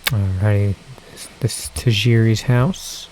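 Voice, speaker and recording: A man casually commenting while playing a video game, jokey and relaxed. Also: on the low side, measured pace, a little hiss or hum. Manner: casual, jokey, talks to his pet companion. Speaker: gaming video creator. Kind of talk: casual let's-play commentary.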